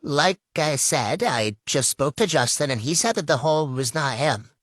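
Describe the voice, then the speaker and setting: A man's voice: a little high, expressive, moderate pace, fairly bright tone. A young man playing a patient, apologetic residence hall staffer in comedy phone skits. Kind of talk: comedic phone-call skit.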